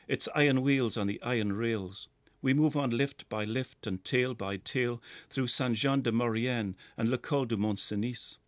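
Measured Geordie man narrating a story. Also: medium pitch, no room sound. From North East England. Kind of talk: scripted first-person narration.

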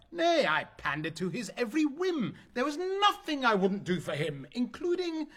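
A man's voice: high voice, a bit bright, exaggerated voice. An actor playing an indignant wealthy father who was deceived by his guest, blustering in rhymed stage verse. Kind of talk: stage play in rhyming verse.

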